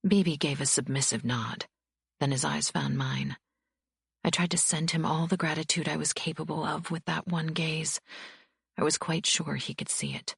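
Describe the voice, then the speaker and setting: Low, husky woman narrating. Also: fairly even intonation, moderate pace, fairly bright tone, no room sound, clean studio sound. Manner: low, husky first-person reading. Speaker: audiobook narrator. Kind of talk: scripted narration.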